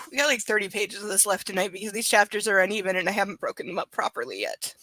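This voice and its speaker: A woman's voice: mid-range voice, lively intonation, fast, pushed and bright, slight background noise, poor audio. A woman chatting casually from home during a live book reading, rambling and swearing freely. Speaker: book reader streaming live.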